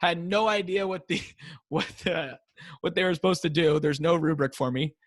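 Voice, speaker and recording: An American man, a high school teacher, telling classroom stories in a casual interview and acting out the kids' voices. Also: normal speed, no room sound. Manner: animated storyteller, acts out kids chanting. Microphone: wearing a mic.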